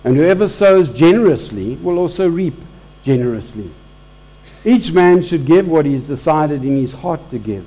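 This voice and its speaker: A man's voice: a little high, lively intonation, normal speed, warm tone, rough recording. A man preaching a conversational sermon at a church service, talking informally with restarts and building to emphatic peaks.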